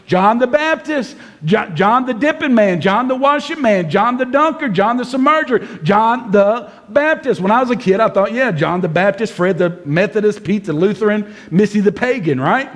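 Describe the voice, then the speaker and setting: A man preaching a sermon to a congregation, telling the story with animated delivery and acting out the characters. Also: high-pitched, normal speed, hardly any pauses. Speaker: pastor. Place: church service before a congregation.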